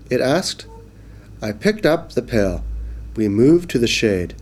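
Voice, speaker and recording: A man narrating a children's storybook in a clear, measured read-aloud manner. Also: mid-range voice, big pitch swings, darkish tone.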